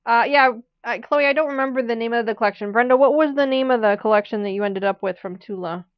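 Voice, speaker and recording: A woman's voice: fairly high pitch, fast, dry recording, lo-fi sound. A woman hosting a live quilting stream, chatting casually and rambling while she sews, laughing often. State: has the hiccups. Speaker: quilting channel host. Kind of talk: casual chat during a live sewing stream.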